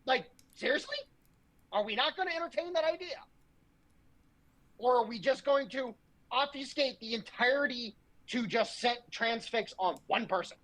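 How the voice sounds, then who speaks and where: A woman's voice: on the high side, animated, moderate pace, a bit bright, poor audio. A woman, a podcast co-host, ranting in heated, profane political talk full of sarcasm.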